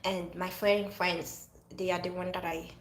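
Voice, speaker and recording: A woman's voice: on the low side, flat delivery, measured pace, roomy sound, very noisy. A woman with a French accent speaking earnestly in a casual motivational monologue, often restarting her phrases. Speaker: vlogger.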